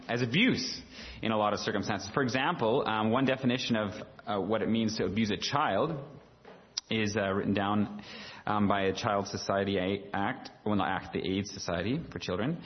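A man's voice: lowish voice, moderate pace, muffled recording. A man preaching a sermon in a conversational way, full of rhetorical questions and filler words. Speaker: pastor.

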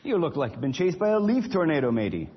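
A man voicing a gruff, jovial male friend in a storybook. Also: fairly high pitch, sing-song, quick pace, highs cut off.

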